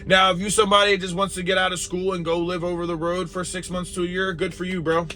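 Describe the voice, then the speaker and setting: Fired-up young man, slightly high voice. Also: flat delivery, fast talker, bright, forceful tone. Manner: blunt, profane, fired-up. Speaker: truck driver vlogger. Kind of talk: casual monologue to camera.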